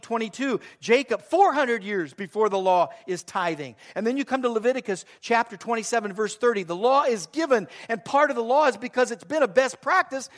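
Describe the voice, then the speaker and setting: Animated high-voiced preacher, sixties. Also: male voice. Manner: animated preaching, asks the congregation rhetorical questions. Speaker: pastor. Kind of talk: sermon.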